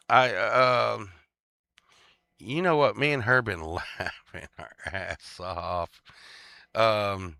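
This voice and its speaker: A man with a lowish, bright, smooth voice rambles through stories at an unhurried pace. He stops and restarts often, fills gaps with ums, and laughs at his own jokes. The sound is close and dry. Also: no room sound. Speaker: vlogger. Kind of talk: casual rambling chat.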